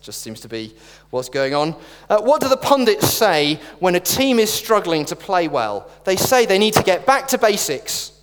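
A middle-aged man preaching a sermon in a church, earnest with wry asides and jokes. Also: high voice. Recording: reverberant church hall.

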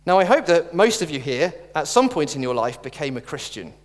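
Preacher with a lively, high voice. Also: male voice, brisk. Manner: earnest, with wry asides and jokes. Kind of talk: sermon. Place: church. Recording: reverberant church hall.

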